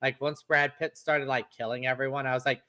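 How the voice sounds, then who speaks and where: A young man co-hosting a casual podcast, talking fast and animatedly with lots of fillers. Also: medium pitch, flat delivery, sharp tone. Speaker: podcast co-host. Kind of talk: casual chat.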